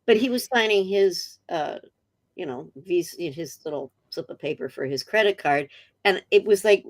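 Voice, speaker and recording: A middle-aged woman, a guest in a casual interview, telling a story chattily with animated quotes. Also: on the low side, moderate pace. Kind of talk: casual video-call interview.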